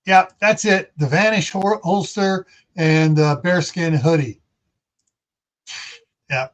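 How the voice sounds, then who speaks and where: A man's voice: high voice, slow pace. A man hosting a casual livestream, chatting in a rambling, folksy way. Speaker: livestream host. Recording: dull lo-fi stream audio.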